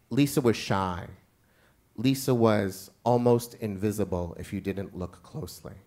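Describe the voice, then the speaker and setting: A man who is a teacher tells a wry, self-mocking personal story live on stage. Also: lowish voice.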